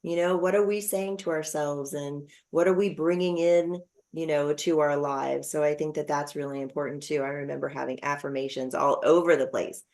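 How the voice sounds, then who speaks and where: A woman's voice: low voice, fairly even intonation, normal speed. A middle-aged woman hosting a podcast interview, chatting casually with lots of fillers and personal stories. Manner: chatty, warm storytelling with frequent fillers. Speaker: podcast host.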